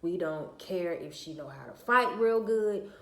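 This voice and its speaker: A woman's voice: fairly low pitch, lively intonation, a little slow, a bit bright. Profane ranting woman. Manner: blunt, profane, preachy. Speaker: vlogger. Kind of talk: casual rant to camera. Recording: echoey room.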